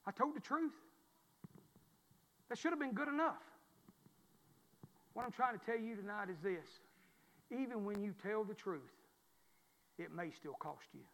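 A man in his forties preaches in a high, sharp voice. He tells a folksy story as a sermon, swinging from loud to hushed. The sound carries a long echo from the church hall. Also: animated, measured pace, pauses often.

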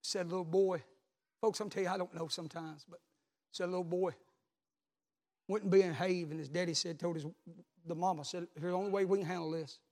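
A man, a pastor preaching a sermon, telling a story and then building to loud repeated calls. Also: high-pitched, steady tone, brisk, long pauses.

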